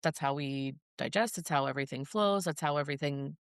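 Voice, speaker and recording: A woman's voice: deep voice, a little fast, clean tone, dry recording, studio quality. A woman speaking as a podcast guest, telling her story in an earnest, casual way and acting out the conversations she recalls. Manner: earnest, acts out quoted dialogue. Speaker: podcast guest, mother of a child with a rare disease.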